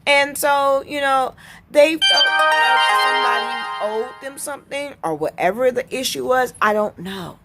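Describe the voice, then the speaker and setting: A woman vlogger telling a personal story in an indignant, unhurried way, with pauses and restarts. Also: sits high, over loud music.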